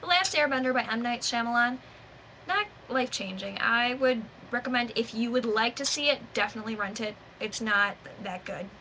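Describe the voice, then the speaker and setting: A woman's voice: on the high side, normal speed, sharp tone, slight background noise, rough recording. Chatty woman with a Michigan accent. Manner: chatty, rambling, lots of "like" and trailing asides. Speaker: movie reviewer. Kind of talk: casual unedited video review.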